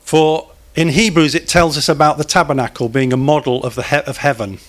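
A man's voice: on the high side, fairly even intonation, a little fast. A man preaching a sermon in a church, talking conversationally, putting questions to the congregation and cracking small jokes.

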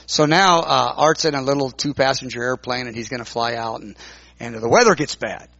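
A man preaching, telling a story with many halting restarts and repeated words. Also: mid-range voice, gravelly, sharp tone, no room sound, dull audio. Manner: halting, repeats words while recounting dialogue. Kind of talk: sermon storytelling.

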